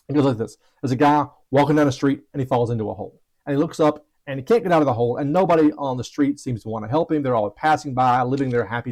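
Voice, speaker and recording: A man's voice: mid-range voice, a little mellow. A man coaching traders, giving an earnest motivational talk with storytelling and some stammered restarts. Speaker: trading coach.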